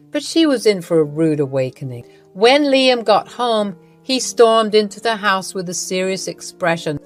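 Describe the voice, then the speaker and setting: A woman giving a scripted first-person story narration in an even, lightly amused tone. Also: medium pitch.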